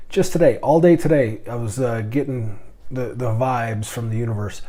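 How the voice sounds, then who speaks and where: A man's voice: mid-range voice, moderate pace, dark tone. A middle-aged man, a podcast host and airline captain, rambling and stammering through a casual monologue.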